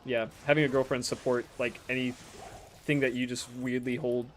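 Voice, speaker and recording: A young man from the States chats loosely while streaming, reading messages aloud and riffing on them. His voice sits at an ordinary middle pitch, and he laughs often and swears without a second thought. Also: level tone, moderate pace, slight background noise. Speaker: game streamer. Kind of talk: casual chat while reading viewer messages.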